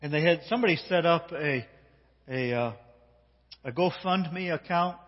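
A male pastor with a slightly husky, fairly high voice tells a story to his congregation in an animated way. The recording sounds dull and carries a long church-hall reverb. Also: moderate pace. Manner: animated, talks directly to a child and congregation. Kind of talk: sermon with children's story. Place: church sanctuary.

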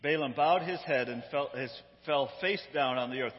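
A man preaching, telling a Bible story in an animated way and acting out the voices. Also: mid-range voice, fairly quick, few pauses. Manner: lively, acts out quotes, laughs often. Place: hall with live audience. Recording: dull sound, echoey hall.

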